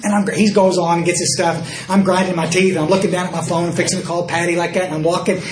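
An older Texan gives a recovery talk at a dinner event hall, telling folksy, self-mocking stories and playing both sides of each exchange. His high voice is fast and flat in delivery, in an echoey room.

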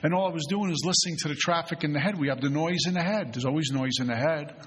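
Husky-voiced man facilitating a spiritual retreat. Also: a little high, fast, fairly bright tone. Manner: earnest, conversational, repeats phrases. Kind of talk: spiritual recovery talk. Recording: long hall reverb.

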